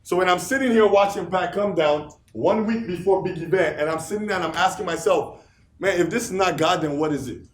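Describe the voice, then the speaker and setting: High-voiced man giving a motivational speech. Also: brisk, reverberant. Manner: rhetorical questions to the audience; repeats phrases for emphasis. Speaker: office leader giving a motivational talk. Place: office meeting room.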